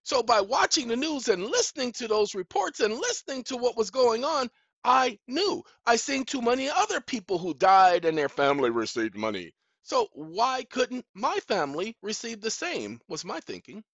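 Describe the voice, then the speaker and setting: A man's voice: sing-song, normal speed, dry recording. A man giving an impassioned, preachy monologue to camera, full of rhetorical questions to his audience. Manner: swings between loud outbursts and low, hushed stretches. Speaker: video blogger. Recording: dull, dry lo-fi recording.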